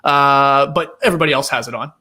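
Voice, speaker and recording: A man's voice: medium pitch, quick pace, pushed and bright. A man hosting a podcast in casual chat, reading out listener emails in an easygoing, jokey way. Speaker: podcast host.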